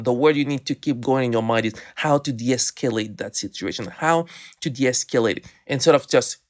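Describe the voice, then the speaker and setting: A man's voice: medium pitch, normal speed. A man, co-hosting a faith podcast and telling stories animatedly with many restarts. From Haiti. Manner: animated storytelling, frequent restarts. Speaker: podcast co-host. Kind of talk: casual faith podcast chat.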